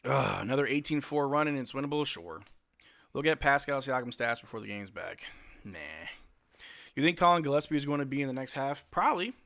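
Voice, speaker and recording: Bright-voiced young man calling plays. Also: medium pitch, lively intonation, fairly quick, creaky. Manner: emotional, calls plays while chatting with viewers. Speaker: fan streamer hosting a game watch-along. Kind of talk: live play-by-play fan commentary.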